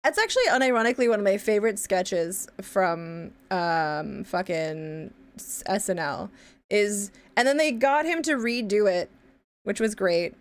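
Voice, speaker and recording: A woman's voice: medium pitch, animated, a little slow, smooth. A young woman streaming her pixel art, chatting in a rambly way, swearing casually and humming to herself as she draws. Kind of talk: casual chat while drawing pixel art.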